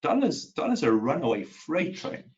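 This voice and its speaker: A man's voice: fairly high pitch, big pitch swings, normal speed, dull audio. A man hosting live market commentary from his home office, talking casually with many fillers and restarts and putting questions to his viewers. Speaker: market analyst host.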